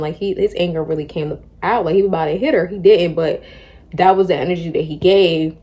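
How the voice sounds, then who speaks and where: A young woman in her twenties, a book vlogger, talking through a novel in a chatty, slangy, animated way. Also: lowish voice, normal speed. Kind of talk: casual book discussion.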